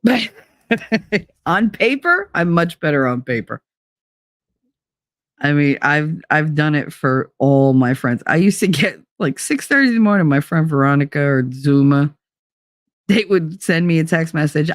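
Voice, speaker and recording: A woman's voice: low-pitched, lively intonation, a little slow, pauses often, no echo, clean studio sound. A woman hosting a livestream talk show, chatting casually with her audience as a blunt, profane, laughing storyteller who slips into put-on accents. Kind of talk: casual chat to a live chat audience.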